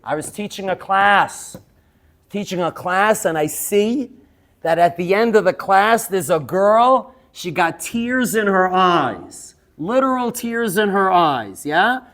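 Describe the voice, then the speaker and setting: A male teacher lecturing students. He tells lively stories, laughs as he goes and keeps checking in with "yes?". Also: sits high, slow. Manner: laughs while telling stories.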